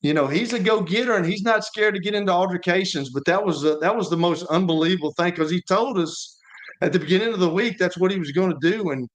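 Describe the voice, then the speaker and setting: Talking fast in a high voice, this ex-quarterback co-host spins stories on sports radio. It's casual talk, rambling, with plenty of repeated and restarted words.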